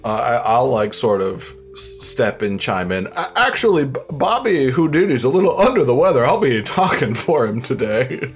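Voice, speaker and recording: A man's voice: medium pitch, big pitch swings, moderate pace, few pauses, faint music behind. A man playing a nervous sidekick who stammers and hesitates as he speaks for a friend. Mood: sheepish. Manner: hesitant, stammering, lots of restarts.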